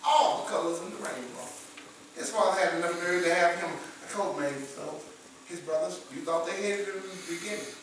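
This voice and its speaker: A male pastor telling a story in a sermon, dramatic, swinging between loud and hushed. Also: high-pitched, fairly quick, slight background noise. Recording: echoey hall, picked up from far off.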